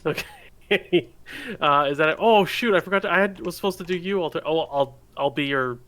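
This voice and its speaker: A man's voice: a little high, a bit bright. A man co-hosting a podcast, chatting casually and jokingly while playing a card game. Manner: quick, joking, thinking aloud. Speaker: podcast co-host. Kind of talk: casual game-play chat.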